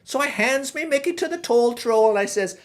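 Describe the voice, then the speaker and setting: A woman's voice: fairly high pitch, expressive, a little fast, natural voice. Robbie, a woman playing a folksy Irish farmer. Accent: stage Irish. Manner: folksy, rambling storyteller. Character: chatty middle-aged male Irish pig farmer. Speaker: guest host. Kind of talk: comic monologue in character.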